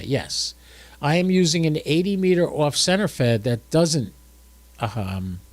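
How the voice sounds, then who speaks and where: A man's voice: mid-range voice, darkish tone, no room sound. Tired man demonstrating his radio setup. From United States. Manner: chatty, thinks aloud while working the radio. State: drowsy and tired. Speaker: ham radio livestream host. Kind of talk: casual livestream demonstration.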